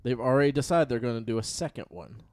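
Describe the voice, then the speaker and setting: Relaxed man chatting about movies, dry sound. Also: mid-range voice, fast talker, dry recording. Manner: relaxed, hesitant with many ums. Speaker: podcast co-host. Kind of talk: casual chat about movies.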